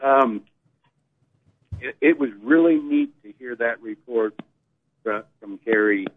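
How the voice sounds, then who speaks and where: Male commissioner, husky voice, chatty board comment, phone-line audio. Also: mid-range voice, takes it slowly. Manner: conversational, with small restarts. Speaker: utility commissioner.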